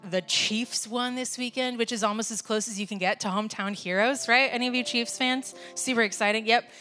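A woman's voice: fairly high pitch, fairly even intonation, brisk, pushed and bright, faint music behind. A woman leading a church service, talking casually and laughing at herself. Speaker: worship leader. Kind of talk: sermon with casual asides.

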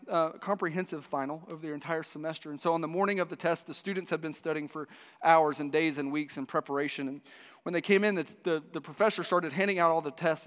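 This man's voice sits a little high and has a bit of brightness as he delivers a sermon to his congregation. He keeps restarting while he tells the story, acting out the characters' words, and the sound carries a long hall reverb.

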